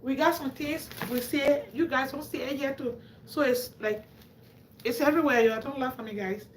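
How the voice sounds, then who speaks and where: Woman, African English accent, fairly high voice, chatty live stream, echoey room, faint hum. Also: moderate pace. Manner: chatty, talks straight to viewers. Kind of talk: casual live-stream chat.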